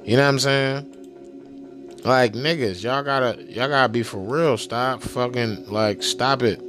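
A man's voice: fairly high pitch, a bit bright. A man giving a heated, profane political rant in a vlog, mocking and repeating himself as he swears constantly.

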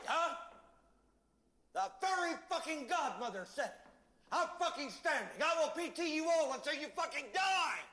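A screaming drill sergeant. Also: male voice, very high-pitched, sharp tone, heavily acted. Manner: barked, relentless profane insults. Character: ferocious male drill sergeant screaming insults. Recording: echoey film clip with reverb.

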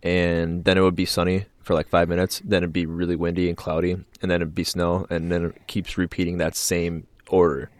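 A man's voice: low voice, completely flat delivery, fairly quick, few pauses, dry recording. A young man co-hosting a casual podcast chat, rambling with lots of fillers. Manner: rambling, full of fillers, loud acted-out movie quotes. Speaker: podcast co-host.

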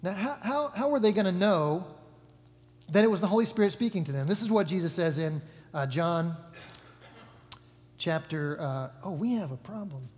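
A man with a high-pitched voice preaches a sermon in an easy, joking way. He stops to correct himself and talks to the room like friends. The sound rings with the long reverb of a large hall. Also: animated, moderate pace, pauses often, a little mellow. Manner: casual, joking, self-correcting. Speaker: pastor. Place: church hall.

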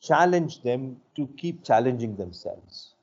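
An older man speaks as a guest in an interview, measured and thoughtful as he tells his stories. His voice is mellow and warm, and the recording sounds a bit dull and lo-fi. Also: medium pitch, big pitch swings. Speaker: executive coach, interview guest. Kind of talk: reflective interview storytelling. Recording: muffled lo-fi audio.

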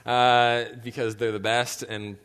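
A man's voice: mid-range voice, flat delivery, takes it slowly, a bit bright, clear, resonant tone. A young male pastor preaching a sermon, telling a story casually with frequent fillers. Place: church sanctuary. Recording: long church reverb.

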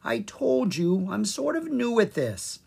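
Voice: mid-range voice, very animated, a little slow, vocal fry, mellow, husky, pitched above the performer's own voice, full character voice. A reader doing an eager young pixie. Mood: eager, flustered. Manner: earnest, eager, a little flustered. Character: young male royal pixie, eager but new at his job. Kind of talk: children's audiobook reading.

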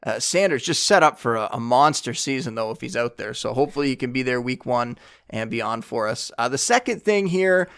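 A man's voice: mid-range voice, fairly quick, clear, resonant tone. A man hosting a casual sports podcast, talking through news and asking his guest questions. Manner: conversational, relaxed analysis. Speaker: podcast host. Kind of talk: casual chat.

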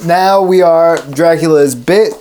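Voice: medium pitch, measured pace, mellow. A podcast co-host improvising a comedy story, giggly and rambling.

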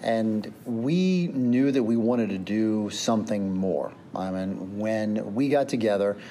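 A man answering interview questions as a podcast guest, in a measured, conversational way. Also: fairly low pitch, warm tone, slight background noise.

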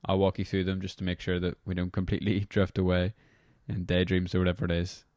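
A young man with a very low, deep voice hosts a devotional podcast. He talks in a loose, rambling way, apologizing for his tangents as he leads into guided prayer. The sound is dry and close-miked. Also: completely flat delivery, quick pace, darkish tone, no echo. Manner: casual, rambling, apologetic asides. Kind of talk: reflective podcast talk leading guided prayer.

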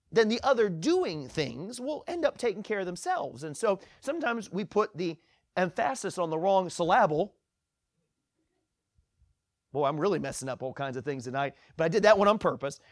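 A man's voice: on the high side, no room sound, clean studio sound. A middle-aged man, a pastor, preaching a sermon in a conversational way, quoting his listeners and joking along the way. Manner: conversational preaching with rhetorical quotes and humor.

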